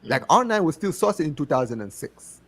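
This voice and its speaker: A man's voice: on the high side, sing-song, fairly quick, a bit bright. A man with an African accent, a guest in casual chat, talking passionately and repeating himself for emphasis. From United States. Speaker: guest on a fan show.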